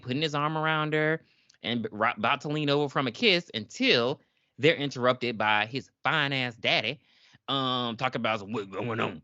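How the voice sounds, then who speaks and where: Low, lively young woman podcaster. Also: dry recording, dull audio. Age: 20s. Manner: animated, laughing, acts out characters in voices. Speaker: podcast co-host. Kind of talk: casual recap chat.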